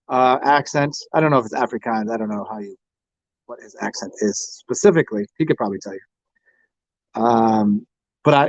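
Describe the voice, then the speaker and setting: An American man with a medium-pitched voice hosts a casual tarot livestream, rambling crudely and taunting the people who join. The recording is dry and lo-fi.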